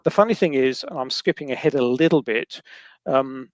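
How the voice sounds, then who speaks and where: A man's voice: medium pitch, normal speed, dry recording. A man, a podcast guest telling a rambling story with chuckles. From New Zealand. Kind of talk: casual podcast chat.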